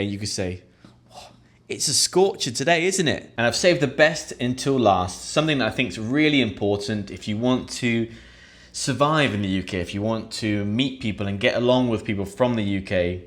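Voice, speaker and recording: A young man teaching English, acting out example phrases slowly with big pitch jumps. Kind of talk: scripted lesson.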